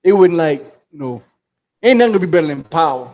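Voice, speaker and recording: A man's voice: fairly high pitch, expressive, quick pace, darkish tone. A man with a slightly raised voice chats casually on a podcast. He retells a show's plot in slangy, profane talk and acts out the characters' quoted lines with animation. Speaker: podcast co-host.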